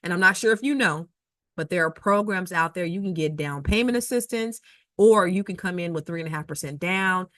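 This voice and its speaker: A woman real estate investor giving advice in an emphatic, conversational way, telling personal stories and often repeating herself with quick asides. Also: lowish voice, a bit bright, no echo, studio quality. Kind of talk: advice talk with personal anecdotes.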